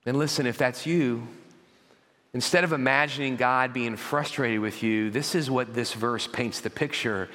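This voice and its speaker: A man preaching a sermon as pastor, telling animated stories and acting out parents and children. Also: mid-range voice, normal speed. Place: large church auditorium. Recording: long church hall reverb.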